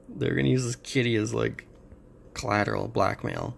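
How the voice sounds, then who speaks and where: A man casually summarizing and reviewing a comic book, talking in a halting way with many pauses and restarts. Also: medium pitch, vocal fry.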